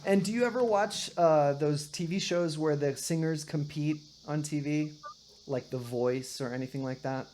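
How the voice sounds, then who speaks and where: In a one-on-one guitar and singing lesson, a woman with a low, darkish voice speaks at normal speed. She explains patiently, checks in often with "right?", and sings short demonstrations.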